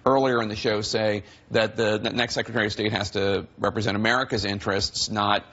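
Male news anchor, low register, measured and questioning, muffled broadcast audio. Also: flat delivery, a bit bright. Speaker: news host moderating a panel. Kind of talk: broadcast panel discussion.

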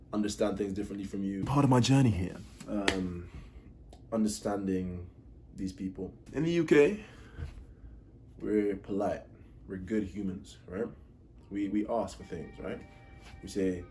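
A young man from the UK talks in a casual vlog in a lowish voice with a British accent. He rants animatedly and mimics other people's speech. Faint music plays underneath. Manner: animated, exasperated ranting with mock impressions. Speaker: vlogger.

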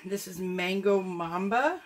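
A woman painter with a mid-range voice speaks at a slow pace while demonstrating fluid art. She talks through each step as she works, joking and poking fun at herself.

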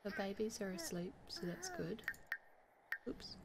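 A young woman with a New Zealand accent and a croaky, hoarse voice, casually talking through a life-sim game and often slipping into soft whispered asides. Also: mid-range voice, big pitch swings, a little slow, a crowd in the background. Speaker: gaming channel host. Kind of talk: casual gameplay commentary.

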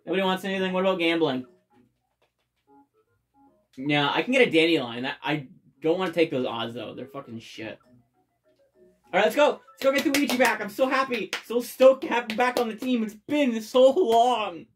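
A let's play host giving excitable game commentary with loud bursts of cheering and frequent swearing. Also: mid-range voice, normal speed, long pauses. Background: faint game music.

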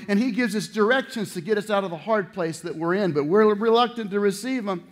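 Man, middle-aged, pastor, sermon, high voice, animated, playful voices. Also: fairly quick, hardly any pauses. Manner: animated, acts out voices and swings from loud to low.

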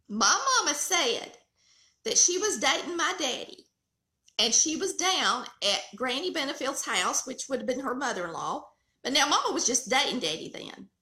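A woman's voice: sits high, roomy sound. A middle-aged woman with a Southern accent, hosting a cooking channel and telling family stories in a folksy, chatty way. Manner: folksy, animated storyteller. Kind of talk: casual storytelling chat.

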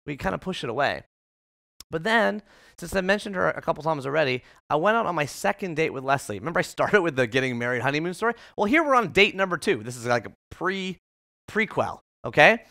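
Brief: motivational speaker, man, lively storytelling, bright, dry close sound. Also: on the high side, brisk, gravelly, no echo. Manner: animated, conversational, many filler "like"s. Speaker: keynote speaker. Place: live audience event in an office.

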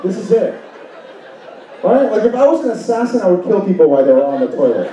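A man performing a stand-up comedy set on a club stage, animated and breaking into high panicked shrieks for his bits. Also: a little fast, a little hiss or hum. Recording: roomy, distant, dull club recording. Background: audience laughter.

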